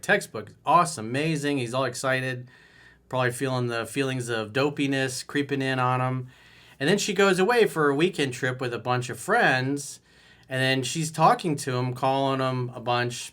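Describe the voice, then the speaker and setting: A man speaks as a dating coach in a relaxed, conversational way, leaning on key words for emphasis. His voice sits at an ordinary middle pitch. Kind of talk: solo coaching talk.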